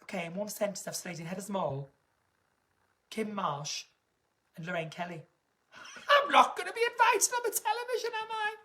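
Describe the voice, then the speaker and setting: A woman's voice: mid-range voice, very animated, moderate pace, pauses often, pushed and bright. A woman hosting a casual live stream, chatting in a camp, gossipy and theatrical way. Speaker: singer and live-stream host.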